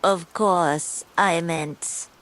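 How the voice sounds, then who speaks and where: A woman's voice: on the low side, fairly even intonation, very slow, fairly bright tone. A woman voicing a grave, fussy king in a storybook.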